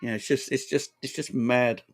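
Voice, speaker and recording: South london bloke, 40s, chatty streamer rambling on, mid pitch, dead dry mic. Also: male voice, fairly even intonation, moderate pace, no echo. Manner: rambling, chatty, swears, shouts out viewers. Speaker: football channel host. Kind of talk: casual livestream chat.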